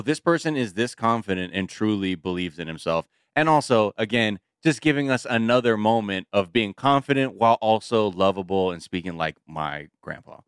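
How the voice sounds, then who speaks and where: A man co-hosting a podcast in casual chat, animated and jokey, often slipping into playful impressions. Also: fairly low pitch, clean tone, no echo, studio quality. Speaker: podcast co-host.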